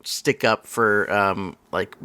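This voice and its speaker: A man's voice: lowish voice, slow. A man co-hosting a comedy movie podcast, chatting casually and joking around. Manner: jokey, lively, dips into silly voices. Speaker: podcast co-host.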